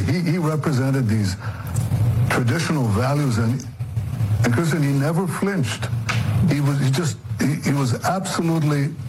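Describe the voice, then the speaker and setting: A man giving an earnest, halting tribute as an interview guest, often repeating himself. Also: medium pitch, background noise.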